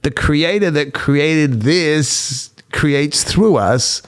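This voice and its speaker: A man's voice: on the high side, animated, drawn-out words. A man, a podcast guest and life coach, telling stories animatedly and acting out both sides of each exchange. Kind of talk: animated storytelling in conversation.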